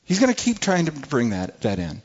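A man's voice: mid-range voice, wildly swooping pitch, normal speed, darkish tone, slightly rough. A man preaching a sermon with emphasis, often repeating words as he restarts. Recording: muffled lo-fi recording.

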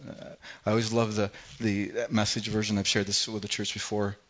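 A man preaching a sermon as pastor, swinging from loud, forceful scripture reading to soft, hushed lines. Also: lowish voice, little pitch movement, moderate pace, dull audio. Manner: impassioned, rising loud when reading scripture, then dropping soft.

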